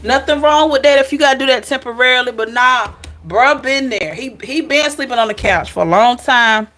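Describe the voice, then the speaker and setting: High-voiced chatty tarot reader woman. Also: a little fast, a bit bright, a little hiss or hum. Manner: chatty, blunt, playful, talks straight to viewers. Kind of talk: casual tarot reading to camera.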